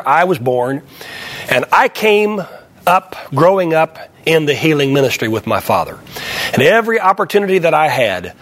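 An older male preacher tells a testimony from the pulpit, taking on the voices of the people in his story. His voice sits a little high for a man. It rises and falls widely as he speaks. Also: a bit bright.

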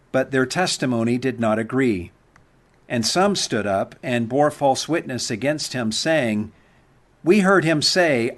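Male scripture reader, unhurried and deliberate, mid-pitched voice, solemn service reading. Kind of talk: reading the Passion at a Good Friday service.

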